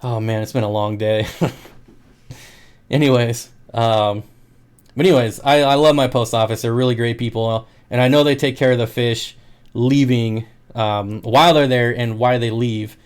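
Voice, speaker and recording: A man's voice: mid-range voice, fairly even intonation, measured pace, clear, resonant tone. A man who sells aquarium fish, chatting casually on his livestream, joking and laughing often. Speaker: aquarium fish seller and streamer.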